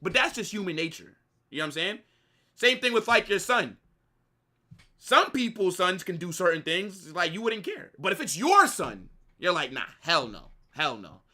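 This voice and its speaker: A man's voice: high voice, big pitch swings, moderate pace, pushed and bright. A young man casually chatting to his live-stream viewers in a slangy, rambling way. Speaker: watch-along streamer.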